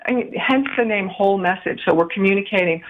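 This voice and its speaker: Over a tinny phone line with a noisy background, a middle-aged relationship coach talks fast in a medium-pitched voice. As a podcast guest she warmly explains a communication method, laughing occasionally while offering examples.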